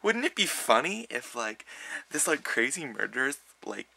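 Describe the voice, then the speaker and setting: A man's voice: mid-range voice, big pitch swings, moderate pace, creaky, bright, forceful tone, slightly rough, no room sound, heavily acted, low-quality recording. A man voicing a playful young woman friend who jokes around. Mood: teasing.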